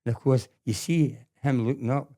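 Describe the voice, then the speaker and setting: An older man, telling stories as a guest in a casual interview, animated and acting out quotes, often repeating words. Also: medium pitch, moderate pace.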